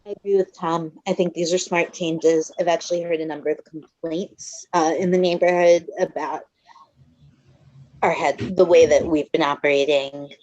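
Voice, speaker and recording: A woman's voice: deep voice, steady tone, normal speed, a little mellow, no room sound. A woman on a board giving her view at a meeting, earnest, with a few restarts. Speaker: board member. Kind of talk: meeting comment. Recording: dry, dull lo-fi audio.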